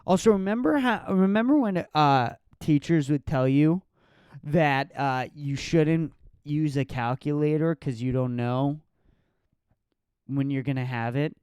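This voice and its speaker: A man in his twenties doing a solo comedic podcast rant, profane and mocking, sometimes jumping into a shrill voice to mimic others. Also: a little slow, clear, resonant tone, no echo, studio quality. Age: 20s. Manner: profane, animated, mocking falsetto impressions.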